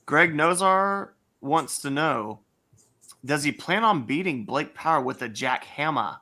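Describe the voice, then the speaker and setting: Bright-voiced male fishing show host. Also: on the high side, animated, a little slow. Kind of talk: casual fishing chat.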